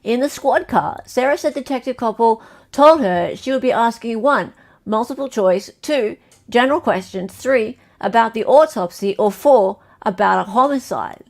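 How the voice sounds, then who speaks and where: An Australian woman hosting a livestream quiz, playfully reading out multiple-choice options slowly and repeating them. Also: fairly high pitch, expressive, gravelly. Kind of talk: casual livestream chat.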